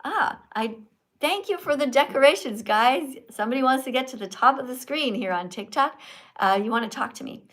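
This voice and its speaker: A woman from Canada hosting a casual live stream, chatty and animated, quizzing guests in a teacherly way. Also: high voice, fairly quick.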